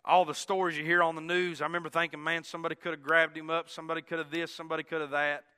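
Preacher man, bright high voice, storytelling sermon in a reverberant sanctuary, loud-to-hushed delivery. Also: flat delivery, racing, smooth. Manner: swings from loud exclaiming to hushed tones. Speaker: pastor. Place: church sanctuary.

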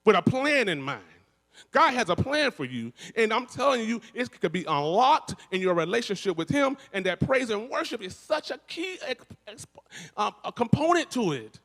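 Male church speaker, fervent preacher cadence, slightly high, long hall reverb. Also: moderate pace. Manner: energetic, repetitive preacher cadence with frequent restarts. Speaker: worship musician and speaker. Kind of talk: testimony in a church service. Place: church building.

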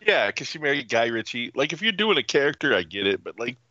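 A man rants through a casual podcast chat, profane and animated. His voice is bright and forceful. The sound is dry and slightly muffled. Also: medium pitch, fast, no room sound. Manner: profane, ranting, animated storytelling. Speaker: podcast co-host.

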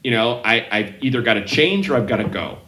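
A man's voice: mid-range voice, animated, brisk, bright, forceful tone, roomy sound. A man in casual chat, telling rambling stories with many restarts and acted-out quotes.

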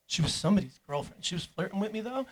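A man's voice: high voice, expressive, rapid-fire. A young man telling a rambling, profane story in casual chat with a friend.

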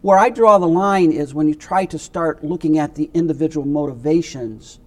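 A man's voice: on the high side, moderate pace. A man teaching a Bible class in a conversational, emphatic way, often repeating his points.

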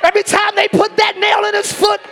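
A man preaching at full cry from a church pulpit, his voice strikingly high and gravelly, worn hoarse from screaming. He drives his sermon with rhythmic, repeated calls to the congregation while a band plays clearly behind him on a live church recording. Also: monotone, brisk, pushed and bright, raised voice. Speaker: pastor. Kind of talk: shouted Pentecostal-style sermon. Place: large church sanctuary. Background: church band music.

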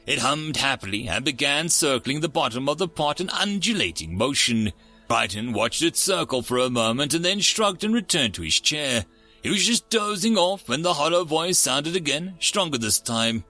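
A man narrates a fiction story with a lively, expressive delivery, his pitch rising and falling freely. His voice has a bright, forward edge. Quiet music plays faintly beneath the reading. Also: moderate pace.

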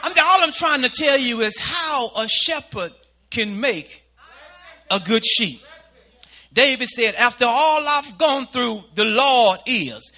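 A male pastor preaching a sermon, building into shouted, sing-song delivery. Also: extremely high pitch.

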